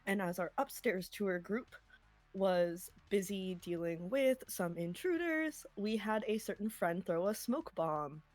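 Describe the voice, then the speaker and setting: A woman running a tabletop game as game master, recapping with quick giggly asides. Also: mid-range voice, lively intonation, a little mellow, faint music behind.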